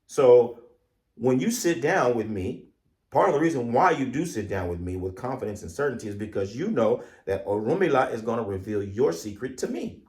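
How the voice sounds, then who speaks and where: A man who is an Ifa priest, giving a deliberate, animated spiritual teaching woven with myth. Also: mid-range voice. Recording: echoey room.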